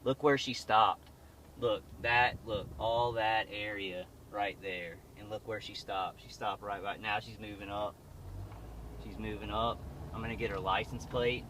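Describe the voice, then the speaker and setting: A man's voice: on the low side, steady tone, a little slow, fairly bright tone. A man vlogging in a rambling, agitated way from inside a car on the street, cursing and stumbling with fillers and restarts, speaking into a phone mic that his thumb partly covers. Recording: muffled phone audio with traffic noise.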